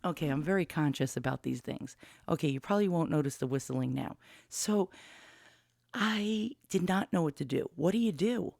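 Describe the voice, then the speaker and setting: A woman's voice: sits low, lively intonation, normal speed, vocal fry, darkish tone, dry recording. A woman in her fifties telling a personal story in a candid, rambling way, with blunt swearing, into a studio mic with a pop filter. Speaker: vlogger.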